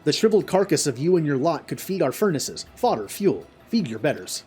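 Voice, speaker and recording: A man's voice: on the high side, big pitch swings, a little fast, darkish tone. A man reading as a cruel kobold boss. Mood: scornful. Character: cruel, bullying male kobold overseer.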